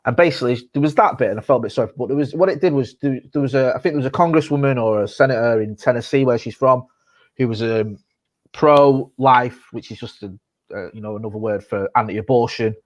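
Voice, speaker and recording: A man's voice: mid-range voice, quick pace, dull audio. A man, co-hosting a casual podcast chat, sweary and rambling as he tells his stories. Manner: sweary, rambling, animated storytelling. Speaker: podcast co-host.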